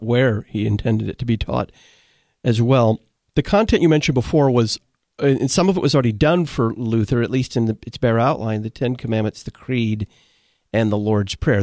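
A man from Texas hosting a theological radio discussion, asking his questions in a measured, deliberate way. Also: mid-range voice, darkish tone, dry recording, studio quality. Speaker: radio host.

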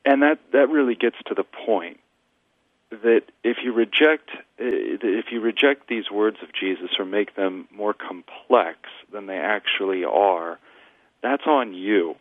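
Emphatic lower-voiced pastor on a phone line. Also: male voice, a little slow, no echo. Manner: emphatic, repeats phrases for rhetorical build-up. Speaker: Lutheran pastor, guest. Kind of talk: radio interview, preaching tone.

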